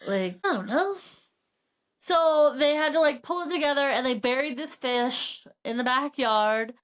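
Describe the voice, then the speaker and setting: Woman, high voice, podcast co-host, chatty book recap, swears a lot. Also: unhurried. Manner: animated retelling with swearing and acted quotes. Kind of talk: casual book recap chat.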